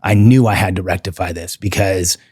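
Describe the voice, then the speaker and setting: A middle-aged man speaks as a podcast guest in a low, husky voice, earnest and heartfelt. He slows down to press on the words that matter. The sound is close and dry, with no room around it. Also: steady tone, darkish tone, no room sound. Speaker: podcast guest, relationship coach. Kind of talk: candid interview talk.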